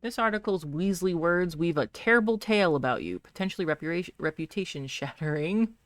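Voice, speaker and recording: Low-voiced chatty woman streamer. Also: animated, a little fast, no room sound. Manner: chatty, laughs often, reads in-game text aloud. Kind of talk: live game stream chat and reading aloud.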